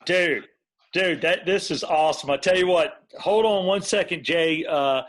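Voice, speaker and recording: A male podcast host with a high voice talks in eager, joking banter. He swears casually and goes easily from praise for his guest to a sponsor read. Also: a little slow, fairly bright tone.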